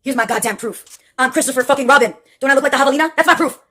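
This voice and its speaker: A woman's voice: high voice, very fast, sharp tone. A woman in her late twenties telling a rambling, profane personal story with sardonic asides and laughs mid-sentence. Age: late 20s.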